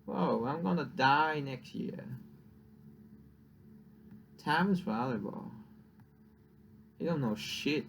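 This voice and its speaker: A man's voice: a little high, lively intonation, takes it slowly, creaky, long pauses, a bit bright, slight background noise. A young man whose first language is Vietnamese, venting in a casual, profane rant and laughing at his own jokes. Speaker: vlogger.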